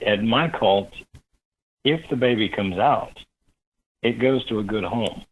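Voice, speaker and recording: Husky low-voiced man telling a story. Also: low-quality recording. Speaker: guest. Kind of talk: storytelling in a radio interview.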